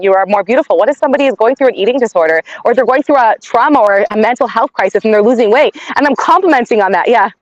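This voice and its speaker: A woman's voice: fairly high pitch, no room sound, dull audio. A woman giving an inspirational class in a conversational way, often adding "like" and "right?". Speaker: class teacher.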